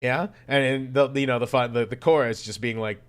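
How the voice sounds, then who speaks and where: A man streaming casually, rambling and cursing often, with sudden jumps from mumbling to loud outbursts. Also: medium pitch, fairly quick, clean tone. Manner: rambling, profane, animated swings in loudness. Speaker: streamer reacting to music. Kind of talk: casual chat.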